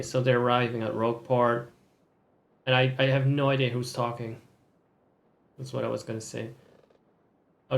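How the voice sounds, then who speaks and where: Sardonic young man streaming a game. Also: medium pitch. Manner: wry, sardonic running commentary. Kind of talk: gaming stream commentary with voiced dialogue.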